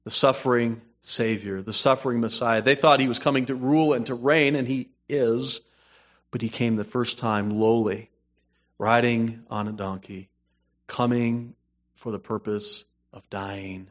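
A man preaching a sermon, moving between hushed storytelling and emphatic, rising points. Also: mid-range voice, steady tone, measured pace. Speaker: pastor.

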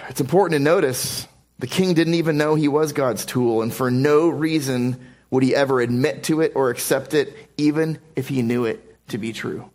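A man preaching a sermon, reading scripture slowly and explaining it verse by verse. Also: medium pitch, darkish tone. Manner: reads scripture slowly in King James wording.

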